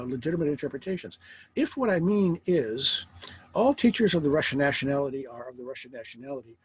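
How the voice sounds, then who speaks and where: Middle-aged guy teaching philosophy, wry and animated, voice jumps all over, bit of hiss in the back. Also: fairly high pitch, poor audio. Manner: wry, lively lecturing with rhetorical questions. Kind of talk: lecture.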